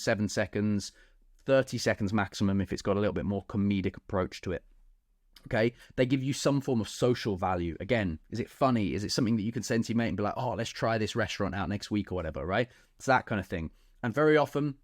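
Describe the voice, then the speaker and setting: A young man speaks in a low, casual voice, teaching other coaches as if across a table. He keeps tagging his points with "right?" and "okay?". The sound is close and dry. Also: dry recording.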